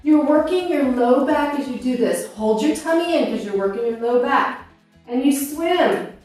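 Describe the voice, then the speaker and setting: High-voiced woman in her fifties, out-of-breath workout coach, echoey room, distant mic, music playing behind. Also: expressive, moderate pace, darkish tone. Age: 50s. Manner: encouraging, coaching through exercises while moving. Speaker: fitness instructor. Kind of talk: workout instruction. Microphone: clip-on mic.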